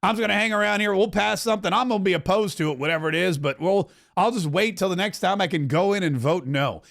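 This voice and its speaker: A man imitating a middle-aged Southern congressman, explaining things in a slow, folksy drawl. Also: sits high, vocal fry, a bit bright. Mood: easygoing. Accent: put-on Southern US drawl.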